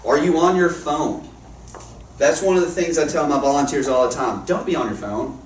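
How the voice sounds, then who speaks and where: A man's voice: fairly high pitch, moderate pace, slight background noise. A man, a guest worship leader telling funny stories in a casual, rambling, self-deprecating way before an audience. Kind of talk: casual storytelling talk. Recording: roomy echo, distant mic, faint ambience.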